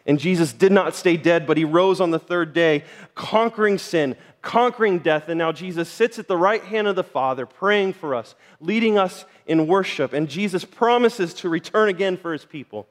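A man's voice: high voice, lively intonation, normal speed. A middle-aged man preaching a sermon as pastor, speaking earnestly and directly to the congregation. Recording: church hall reverb.

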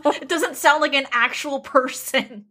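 A woman co-hosting a podcast in casual comedic chat, making dry, deadpan jokes. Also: high-pitched, measured pace. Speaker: podcast co-host.

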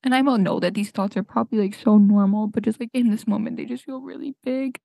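A young woman recording a tearful, halting personal monologue on her podcast mic, crying and sniffling as she searches for words. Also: on the high side, fairly even intonation, vocal fry, warm tone, dry recording. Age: young adult. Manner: halting, full of fillers and restarts. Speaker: podcast host. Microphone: home podcast mic.

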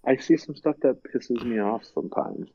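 A young man chatting casually, rambling with lots of fillers and breaking into animated impressions. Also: medium pitch, normal speed, dull audio. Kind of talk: casual chat.

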